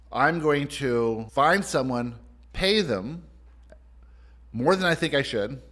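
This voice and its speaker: A man hosting a call as a spiritual teacher, giving a motivational talk in an emphatic, sweeping way that speeds up and slows down. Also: mid-range voice, a bit bright.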